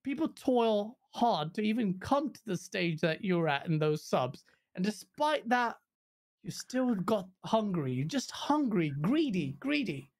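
A woman co-hosting a gaming podcast, talking bluntly in casual chat, swearing freely and jumping into high mocking quotes of other people. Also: sing-song, a little slow, darkish tone. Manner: blunt, profane ranting. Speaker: podcast co-host.

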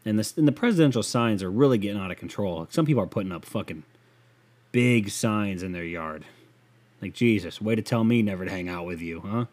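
A man's voice: on the low side, a little fast, darkish tone. A man hosting a casual solo podcast, rambling, profane and mocking as he rants. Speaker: podcast host.

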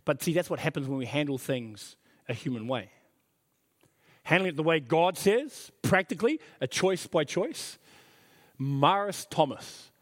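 A man's voice: on the high side, animated, unhurried. A middle-aged man preaching a sermon as pastor, earnest and emphatic, repeating his key phrases. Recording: reverberant hall.

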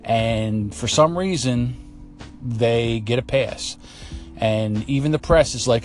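A man's voice: medium pitch, takes it slowly, faint music behind. A man hosting a talk show, delivering a blunt, profane, opinionated monologue with a ranting manner. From United States. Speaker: commentary show host.

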